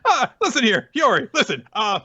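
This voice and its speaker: A man voicing a scheming, slimy male villain ruler in a high, wheedling put-on voice. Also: wildly swooping pitch, moderate pace, sharp tone, slightly rough, full character voice. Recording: dull lo-fi podcast audio.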